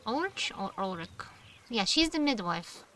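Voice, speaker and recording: Woman musing through a game, slow-paced. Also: mid-range voice, very animated, bright, forceful tone, a little hiss or hum. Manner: curious, musing, reads names haltingly. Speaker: gamer. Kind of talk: let's play commentary, reading game text aloud.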